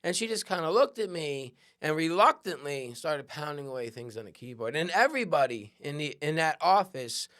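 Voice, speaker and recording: A man hosting a podcast, telling a personal story in a conversational, animated way and often checking in with "right?". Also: fairly high pitch, normal speed, few pauses. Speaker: podcast host. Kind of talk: storytelling monologue.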